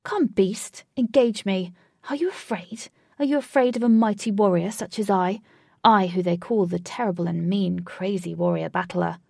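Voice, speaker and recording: A cocky young warrior barking orders and bragging about his might, voiced by a woman in her own low register. The tone is dark and husky with a gravelly edge. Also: fairly even intonation, normal speed, dry recording, clean studio sound. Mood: boastful. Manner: commanding, boastful declarations. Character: boastful young male warrior leader, bossy and cocky.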